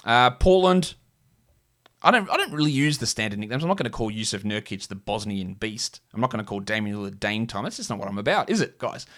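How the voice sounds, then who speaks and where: A man's voice: lowish voice, animated, fairly quick, a bit bright. Rambling Australian man on a podcast. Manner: rambling, jokey, thinks aloud with many fillers. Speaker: podcast host. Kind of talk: casual solo podcast chat.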